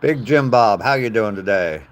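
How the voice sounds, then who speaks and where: Older man, low-pitched and unhurried, chatty host reading viewer comments outdoors with faint background noise. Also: expressive. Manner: chatty, greets viewers by name, chuckles. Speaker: livestreamer reading viewer chat. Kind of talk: casual livestream chat. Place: outdoors on a walk.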